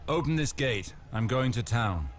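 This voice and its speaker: A composed young lord, as an actor plays him, measured and calm at a middle pitch. His lines sit over clear background noise from the game audio. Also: close to an everyday voice.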